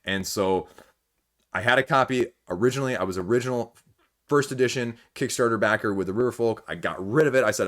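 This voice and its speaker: A man's voice: mid-range voice, a little fast, a bit bright. A man with a Midwestern Michigan accent hosting a board game channel, thinking aloud in a rambling way with many fillers. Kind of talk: casual talk to camera.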